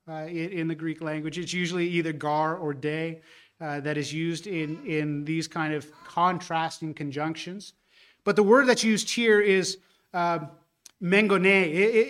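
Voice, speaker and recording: A man preaching a sermon as pastor, earnest and building to a forceful rebuke, with frequent restarts. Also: on the high side.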